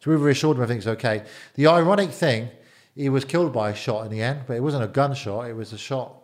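Man telling stories, animated. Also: medium pitch, fast. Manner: animated, repeats words, quotes people in dialogue. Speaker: interview guest, former bodyguard. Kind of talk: casual storytelling.

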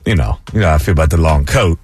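A man's voice: a bass voice, breathy edge, no room sound, studio quality. A man hosting a sports talk radio show, chatting casually and restarting his sentences as he argues a point. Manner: animated, halting, repeats words while defending his view. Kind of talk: casual studio banter. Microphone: studio microphone.

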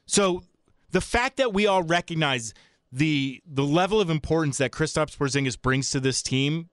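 A man's voice: fairly high pitch, normal speed, no echo. Sports radio host, male, opinionated and blunt, very dry close-mic studio sound. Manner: opinionated, blunt, animated rants. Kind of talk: sports talk radio chat.

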